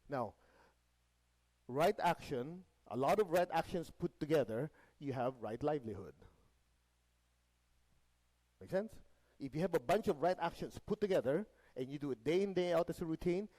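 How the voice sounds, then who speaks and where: A man's voice: medium pitch, darkish tone, rough recording. A man teaching a spiritual lesson to a live group. He often checks in with the audience, has them repeat phrases after him, and slips in light jokes. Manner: light joking asides. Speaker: meditation teacher.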